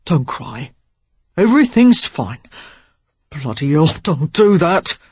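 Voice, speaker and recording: A gruff, rakish gentleman, as a woman narrator puts him on, speaking in short, clipped, soothing phrases. The voice is husky and the pitch moves a lot. The sound is muffled and dry. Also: sing-song, slow, no echo, heavily acted. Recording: dull, dry audiobook recording.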